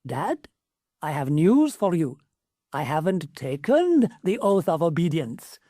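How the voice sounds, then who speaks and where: A woman's voice: deep voice, sing-song, slow, warm tone, no room sound, clean studio sound, heavily acted. A woman voicing a brash, boastful young male genie in a storybook. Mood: cocky. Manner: brash, boastful, casual slang.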